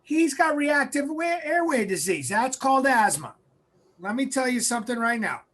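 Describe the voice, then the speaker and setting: A man putting on an old lung doctor, fussy and blunt, with a nasal Massachusetts accent. The voice sits high, and the advice comes in flat, matter-of-fact statements. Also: normal speed, heavily acted. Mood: advising. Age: older.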